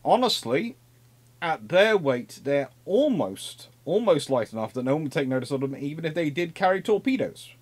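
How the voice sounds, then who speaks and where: A man giving an informal naval history lecture in a lively, conversational way, with asides and repeated phrases. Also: on the high side, moderate pace.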